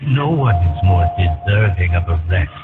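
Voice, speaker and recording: A cryptic, unsettling game figure. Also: male voice, low-pitched, lively intonation. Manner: slow, oddly measured delivery. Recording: lo-fi radio audio with music under.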